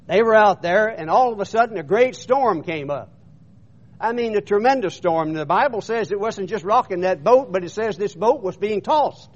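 Male preacher, high voice, emphatic storytelling sermon, dull lo-fi recording. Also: lively intonation, normal speed.

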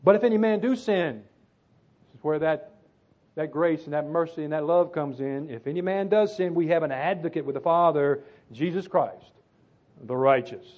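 A man's voice: a little high, normal speed. A man preaching a sermon, reading scripture and repeating phrases for emphasis. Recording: tinny phone-like sound.

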